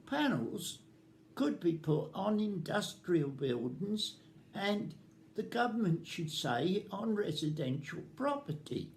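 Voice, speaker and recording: An older man speaks slowly and deliberately, stressing words with open indignation. A faint hum of noise sits behind his voice. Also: high voice. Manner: slow, emphatic and indignant. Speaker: retired farmer guest. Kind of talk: prepared statement at a community event.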